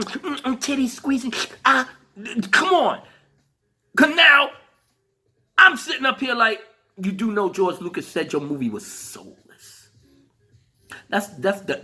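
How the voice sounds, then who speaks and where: A man's voice: sits high, sharp tone, breathy edge. A man giving a heated, profane ranting commentary, laughing through his rant. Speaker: commentary vlogger.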